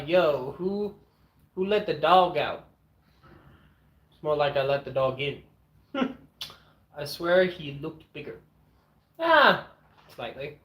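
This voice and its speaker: A man streaming from home with his dogs, chatting casually as he eats, blunt and opinionated, clearing his throat often. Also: fairly high pitch. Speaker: streamer eating on camera and answering chat. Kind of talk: casual rambling chat and rant. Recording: echoey room.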